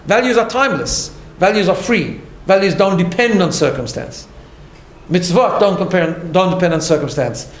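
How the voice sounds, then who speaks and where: Speaking at a normal pace with an expressive, high voice, a rabbi teaches a casual class in a study hall. He talks emphatically and conversationally, repeatedly starting over and asking "right?" Echo and a faint hum color the recording.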